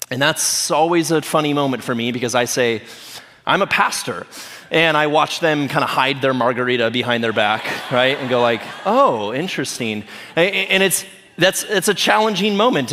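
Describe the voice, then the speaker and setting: Joking pastor preaching in a reverberant hall. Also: male voice, medium pitch, bright, forceful tone. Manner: conversational and humorous, often asking "right?". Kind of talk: sermon. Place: church auditorium. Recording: long reverb of a church hall.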